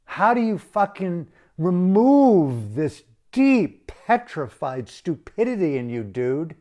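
A man's voice: a little high, very animated, a little slow, hardly any pauses, dark tone. A man delivering an impassioned, blunt and profane rant as an activist.

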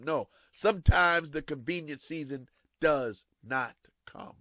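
A man pastor preaching a sermon dramatically, repeating his phrases and swinging from hushed to loud. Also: a little high, slow, pauses often, no echo.

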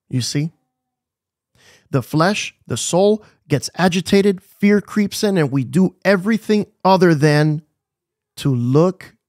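Slow, emphatic male preacher. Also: a little high, darkish tone, dry recording, studio quality. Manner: emphatic, asks the listeners questions and repeats phrases. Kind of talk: devotional sermon.

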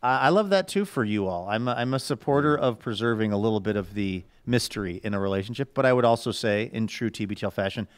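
A man's voice: on the low side, fast, few pauses, smooth, dry recording. A man hosting a podcast in casual comedic chat, rambling and self-mocking, recorded in a studio. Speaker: podcast host.

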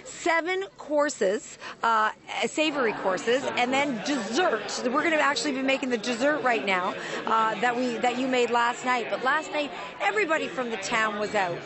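Bubbly morning-TV host, woman, hoarse, on location with a crowd behind her. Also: on the high side, normal speed. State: losing voice, hoarse. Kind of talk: live outdoor TV segment. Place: outdoor community event. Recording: crowd noise outdoors.

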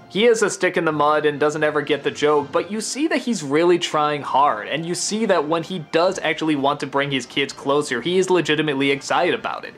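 A man giving an enthusiastic film review, gushing and rambling with animated asides. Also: on the high side.

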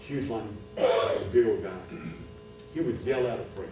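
A middle-aged man giving a sermon at a men's retreat, telling a personal story and building to loud preaching. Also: lowish voice, normal speed. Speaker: retreat speaker. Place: church retreat hall. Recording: echoey hall, far from mic, music behind.

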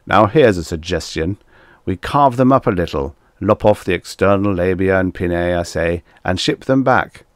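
A man's voice: low voice, lively intonation, moderate pace, dry recording, studio quality. A man voicing a boastful, warlike alien male ruler who hoots and blusters in a storybook reading. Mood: bullying. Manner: hooting, blustering, bellowing.

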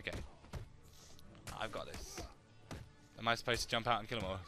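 A young man, joking and excitable as he comments on his own gameplay and talks to his viewers. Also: lowish voice, brisk, long pauses, faint music behind. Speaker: let's play gamer.

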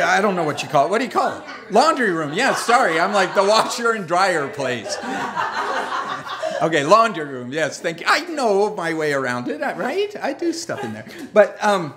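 A pastor preaching to his congregation in a loose, chatty way, a man whose voice sits a little high and swings widely in pitch. He wanders into funny side stories and pokes fun at himself before steering back to his point. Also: a bit bright. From United States. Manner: conversational, self-deprecating, jokey asides. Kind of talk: sermon. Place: church sanctuary.

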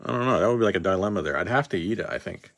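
A man's voice: low-pitched, expressive, racing, fairly bright tone, dry recording. A man hosting a casual card-opening session, reading off names as he goes and joking offhand with a few swear words. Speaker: card box breaker host.

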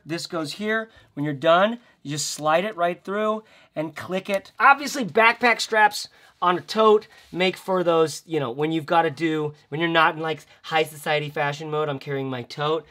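A man's voice: on the high side, unhurried, bright, forceful tone. A man giving a casual vlog review of bags, chatty and rambling with playful asides. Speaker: bag reviewer.

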